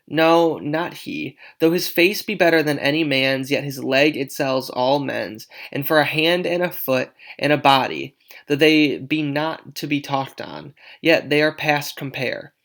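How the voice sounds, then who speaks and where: A man's voice: a little high, a bit bright. A man voicing an old nurse who grumbles about her aches and teases as she stalls. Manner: grumbling, teasing, dragging things out. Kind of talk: dramatic read-aloud of a play.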